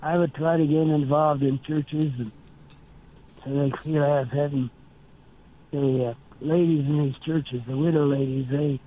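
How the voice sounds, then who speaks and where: An older man from Nebraska, a former pastor, telling earnest stories and quoting his talks in an interview. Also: mid-range voice. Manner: slow, earnest storytelling with quoted dialogue. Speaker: interview guest. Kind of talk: storytelling interview. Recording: tinny phone-like line.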